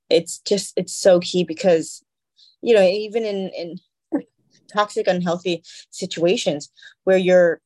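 Chatty woman co-host, low and dry. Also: dry recording, rough recording. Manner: rambling, self-correcting, animated quoting. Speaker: podcast co-host. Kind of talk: casual chat.

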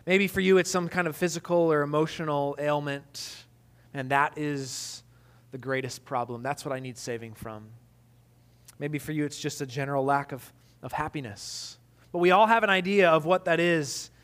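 A man's voice: fairly high pitch, moderate pace, a bit bright. A man in his thirties, a pastor giving a casual, conversational sermon with self-deprecating stories and lots of fillers.

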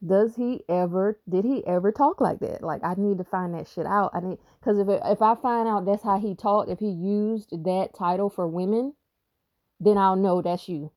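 A woman's voice: mid-range voice, normal speed, darkish tone, dry recording. A woman who is a spiritual reader, talking on her podcast in a rambling, profane, emphatic way. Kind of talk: casual podcast monologue.

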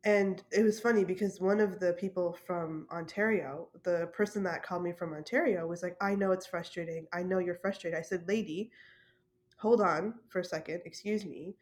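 A woman's voice: lowish voice, moderate pace, darkish tone. A woman from Canada telling a story in a casual monologue, laughing often and swearing casually. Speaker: podcast host.

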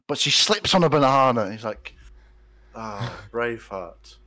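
A man telling silly jokes in casual podcast chat, halting with lots of restarts. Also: medium pitch, lively intonation, bright, forceful tone.

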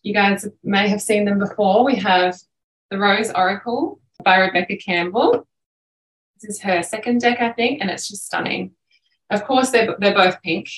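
A woman hosts a live online workshop, gushing and encouraging in a soft voice. She sits back from the microphone. The room is echoey. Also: medium pitch, moderate pace. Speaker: host. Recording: echoey room, distant from mic.

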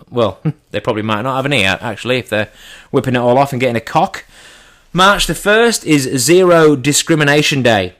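A man giving a comedic monologue in an irreverent, deadpan way, his pitch jumping up for punchlines. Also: brisk.

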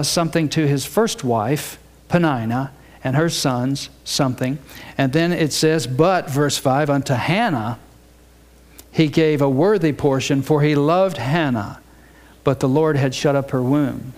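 Older guy preaching, folksy and jokey, bit higher voice. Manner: folksy storytelling with humorous asides. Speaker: pastor. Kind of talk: sermon.

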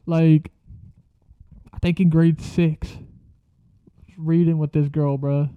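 A man's voice: fairly high pitch, little pitch movement, takes it slowly, clear, resonant tone, dry recording. Slangy young man telling a story, dull lo-fi. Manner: slangy, profane, laughing as he tells it. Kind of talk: casual storytelling. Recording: dull lo-fi sound.

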